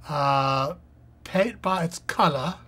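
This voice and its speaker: Stream host, unhurried, husky voice; chatty think-aloud delivery. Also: mid-range voice, fairly bright tone. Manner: chatty, thinks aloud, reads clues half to self with many fillers. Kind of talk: casual live-stream commentary while solving a crossword.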